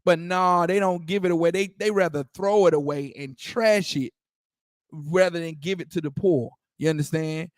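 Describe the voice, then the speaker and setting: A man's voice: fairly high pitch, moderate pace, no room sound, clean studio sound. A man leading a religious discussion, preaching in a casual way, often asking "you understand?" and restarting his words. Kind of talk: preaching-style casual talk.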